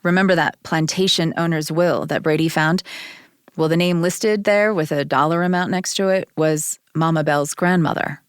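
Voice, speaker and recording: Low-voiced woman radio host. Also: fairly even intonation, moderate pace, clear, resonant tone, no room sound, clean studio sound. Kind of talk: scripted narration and interviewing.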